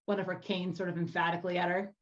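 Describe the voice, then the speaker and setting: A woman's voice: lowish voice, little pitch movement, quick pace, dull audio. A woman game master casually describing a character's actions at a tabletop game.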